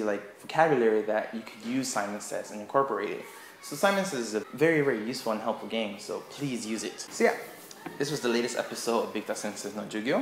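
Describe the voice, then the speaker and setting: A man teaching in a casual tutorial vlog, animated and chatty as he walks through a game for kids. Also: fairly low pitch, a little hiss or hum. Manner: animated, acts out kids' voices. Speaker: English teaching assistant. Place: school classroom. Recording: roomy classroom echo.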